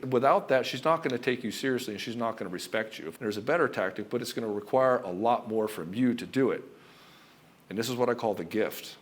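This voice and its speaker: A middle-aged man giving relationship advice as a coach, talking forcefully and emphatically and swearing freely. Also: medium pitch, expressive, fast talker. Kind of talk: direct-to-camera advice monologue.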